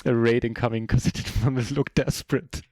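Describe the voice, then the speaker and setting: Commentating his own poker game on a live stream, a native German-speaking man from Germany chats in a relaxed, self-deprecating manner. He speaks a little fast in a mid-range voice, and the studio sound is clean with no echo.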